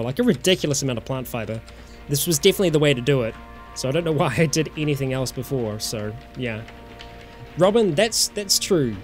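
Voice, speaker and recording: A man from New Zealand with a New Zealand accent, casually commenting on a survival game during a live stream and chatting with viewers. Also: mid-range voice.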